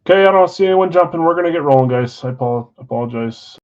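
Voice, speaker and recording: A man hosting a live-streamed card break, chatting with viewers and calling out countdowns in an energetic, auctioneer-like way. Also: fairly high pitch, muffled recording. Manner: auctioneer-like rapid calls.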